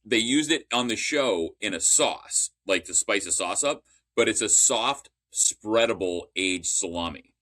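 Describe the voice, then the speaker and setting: A man with a low, bright-edged voice tells a story on a casual sports podcast. He rambles eagerly, restarts his sentences and drops the odd curse. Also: lively intonation, measured pace.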